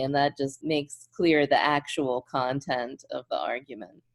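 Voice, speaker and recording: A woman's voice: rumbling low, unhurried. A woman guest in a casual interview, speaking earnestly and effusively and laughing often. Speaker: podcast guest.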